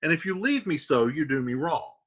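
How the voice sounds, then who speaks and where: Earnest young Benvolio, loyal to his cousin, speaks his verse plainly, as a man reads him. The voice is bright and slightly husky, pitched a little high. The recording sounds muffled and lo-fi. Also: lively intonation, brisk.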